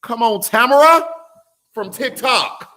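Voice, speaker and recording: A man's voice: extremely high pitch, lively intonation, slow pace, bright, forceful tone. A man hosting a live stream, chatting casually and greeting viewers by name as he reacts to a hearing.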